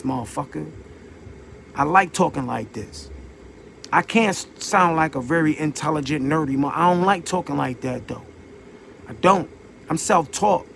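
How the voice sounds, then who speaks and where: Man, gravelly and fairly high, delivering a profane, preachy solo rant, faint hiss behind. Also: fairly bright tone. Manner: profane, preachy, repeats words for emphasis. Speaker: vlogger. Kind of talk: unscripted monologue rant.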